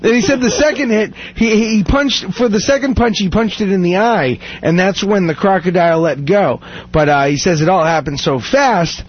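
Husky-voiced man rambling and laughing. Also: sits high, normal speed, few pauses. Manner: laughs often, rambling with many fillers. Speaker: podcast host. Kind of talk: casual chat. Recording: dull lo-fi sound.

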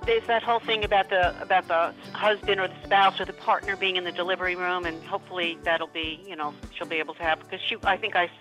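A woman co-hosts a radio talk show, telling personal stories in an animated, casual way. Her delivery is friendly and easygoing, and faint music plays softly behind her. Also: on the low side, quick pace, hardly any pauses, low-quality recording. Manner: storytelling, animated, laughs easily.

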